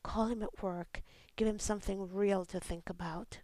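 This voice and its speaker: A woman voicing an agitated, chatty woman in a poem reading, speaking quickly and emphatically. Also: medium pitch, steady tone, no room sound, natural voice. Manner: quick, emphatic, rising to yells.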